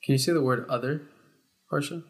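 Excitable fast-talking young man. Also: mid-range voice, slightly rough, rough recording. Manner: excitable, swears freely, teasing. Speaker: podcast co-host. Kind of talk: casual chat among friends.

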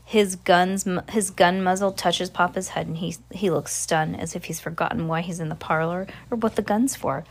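A woman reads a ghost story aloud in a fairly low voice. Her reading is expressive, and now and then she breaks off for a casual aside. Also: normal speed, gravelly, hardly any pauses. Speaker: storybook reader.

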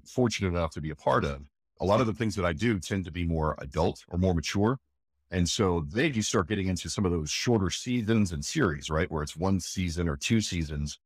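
A man, a voice actor, telling stories in an animated, emphatic way during an interview. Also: low voice, no echo, studio quality. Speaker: voice actor guest. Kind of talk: enthusiastic interview chat.

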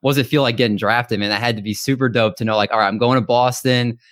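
A man's voice: mid-range voice, steady tone, fast talker, fairly bright tone, no echo, studio quality. A man hosting a casual sports podcast interview, upbeat, reading out stats and asking questions. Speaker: podcast host.

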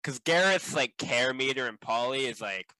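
Bright, lively man at a game table. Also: medium pitch, moderate pace, no echo, poor audio. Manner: casual, lots of "like". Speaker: player. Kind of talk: casual tabletop game play.

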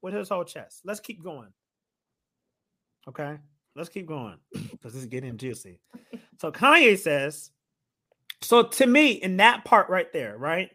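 A man co-hosting a casual podcast chat, animated and laughing often as he retells a story. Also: high-pitched, measured pace, long pauses. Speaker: podcast co-host.

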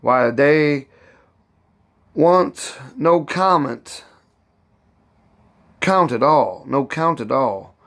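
A man's voice: expressive, fairly bright tone, full character voice. A man voicing an elderly woman cook who is proud and bossy, speaking in heavy old Southern dialect and scolding as she talks. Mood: gossiping. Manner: raised pitch, drawn-out words.

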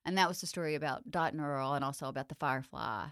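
A woman's voice: low-pitched, fast, no room sound, clean studio sound. A middle-aged woman with a Southern American accent, telling stories in an interview with lots of laughter and acted-out quotes. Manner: animated storyteller, acts out quoted lines, laughs often. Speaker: actress, interview guest. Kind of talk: casual interview chat.

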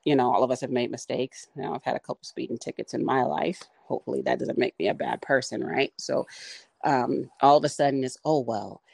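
A woman speaks on a podcast in an earnest, halting way, pausing often on fillers. Her voice has a gravelly fry to it. The sound is dry and close, with no room around it. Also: very deep voice, steady tone, darkish tone, no room sound. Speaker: podcast co-host. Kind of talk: casual discussion.

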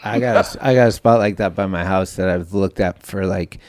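A man's voice: low-pitched, brisk, a little mellow. A man in casual chat, answering with short enthusiastic replies.

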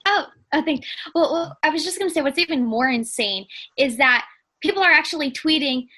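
A woman's voice: high voice, lively intonation, a little fast, pushed and bright. A woman on a political talk show, speaking in an incredulous, indignant way.

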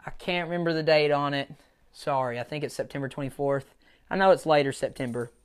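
Fairly quick and a little high, with a clean tone, this male voice carries a solo podcast. The host, who coaches jiu-jitsu, rambles casually, pokes fun at himself, and laughs from time to time.

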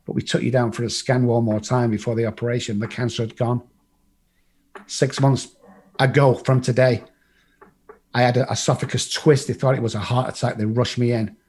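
A man's voice: medium pitch, level tone, moderate pace, a little mellow, husky. A man from England, telling a personal recovery story to a group, blunt and profane, acting out the people in it. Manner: blunt and profane, acts out the voices in his story. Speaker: recovery speaker.

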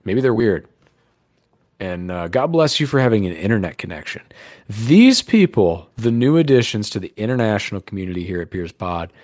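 A man's voice: lowish voice, expressive, a little fast, a little mellow, dry recording, studio quality. A man hosting a podcast in casual chat, crude, rambling and joking. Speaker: podcast host.

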